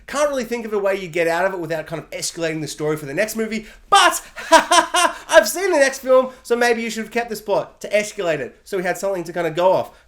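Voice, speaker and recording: A film reviewer at medium pitch delivers a casual spoiler review monologue, animated and rambling. He's chatty and full of fillers, and he acts out scenes in silly quoted voices.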